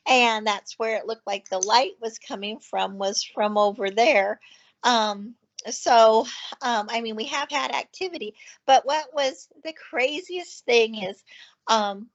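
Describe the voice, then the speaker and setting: A fairly high-voiced woman tells her ranch stories in a rush of ums and excited asides. She sounds like a guest on a call, and the audio is dull and lo-fi. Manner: chatty, excitable storyteller with many fillers. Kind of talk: casual chat.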